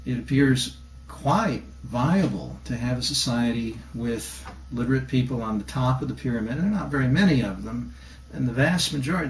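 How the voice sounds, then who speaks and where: Man lecturing, with fillers, from a distant mic. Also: mid-range voice. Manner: thoughtful, rambling, with frequent fillers and self-corrections. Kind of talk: recorded video lecture. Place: room he calls not ideal. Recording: distant mic, noisy room.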